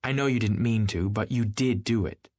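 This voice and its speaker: A man's voice: lowish voice, normal speed, a little mellow, no room sound, clean studio sound, voice pushed up, close to an everyday voice. A man doing a flighty, teasing young society wife.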